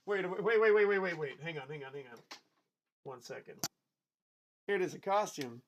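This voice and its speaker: A man's voice: high voice, a little slow, long pauses, slight background noise. A man from the United States chatting casually with his live-stream audience in a chatty, giggly way, with an unusual voice. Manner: chatty, giggly, reacts to chat.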